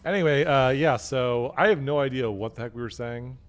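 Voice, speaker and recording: A man streaming a video game live, laughing hard and reacting with excited, profane commentary. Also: medium pitch, brisk.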